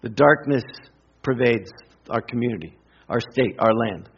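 A middle-aged man preaching a sermon with emphatic repetition and deliberate pauses. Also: medium pitch, husky, dull audio. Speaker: pastor.

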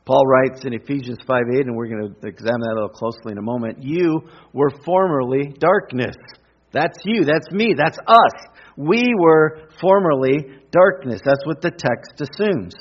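A middle-aged man preaching a sermon with emphatic repetition and deliberate pauses. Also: medium pitch, breathy edge, muffled recording. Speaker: pastor.

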